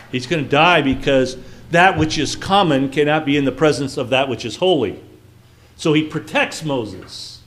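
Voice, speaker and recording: A man giving a casual Bible lesson, talking conversationally and asking his listeners questions. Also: fairly high pitch. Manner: conversational, asks the listeners questions, frequent restarts. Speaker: Bible teacher.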